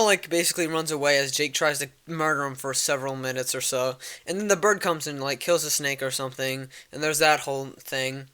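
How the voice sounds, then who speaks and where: A man's voice: a little high, pushed and bright, clear, resonant tone. A young man casually recapping a movie plot, rambling with lots of fillers and swearing. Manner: rambling, filler-heavy and profane. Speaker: vlogger.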